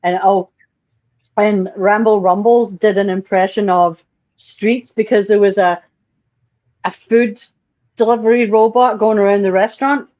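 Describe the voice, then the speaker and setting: Female co-host, chatty and enthusiastic, medium pitch, dry muffled home mic. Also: fairly even intonation, unhurried, darkish tone, no room sound. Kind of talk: casual chat. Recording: dry, dull lo-fi audio.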